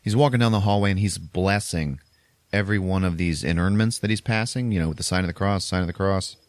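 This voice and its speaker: A man hosting a podcast and recapping a horror film in a casual way, animated and laughing often. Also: low voice, fast talker, no room sound. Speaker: podcast host.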